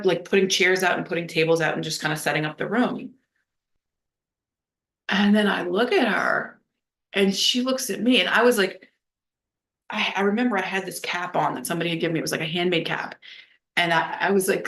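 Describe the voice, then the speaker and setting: Lowish-voiced woman telling a blunt story. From New Orleans. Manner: rambling, heavy use of "like", blunt and profane. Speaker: vlogger. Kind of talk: candid personal storytelling.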